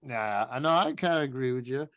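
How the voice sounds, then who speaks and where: A man's voice: medium pitch, fairly bright tone, no echo. Dry-voiced man telling podcast stories. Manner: loose storyteller, quick asides and laughter. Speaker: podcast co-host, comedian. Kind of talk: casual podcast chat.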